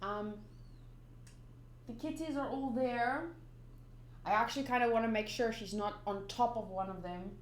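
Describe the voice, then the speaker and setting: A woman's voice: a little high, normal speed, long pauses, slight background noise. A young woman hosting a manga readthrough, chatting casually with lots of ums and giggly asides. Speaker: manga reader and channel host. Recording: roomy echo.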